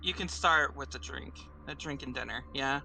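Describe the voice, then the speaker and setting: A man's voice: mid-range voice, moderate pace, gravelly, bright, forceful tone, slight background noise, rough recording. A man voicing a confident female adventurer, talking in a dry, teasing way.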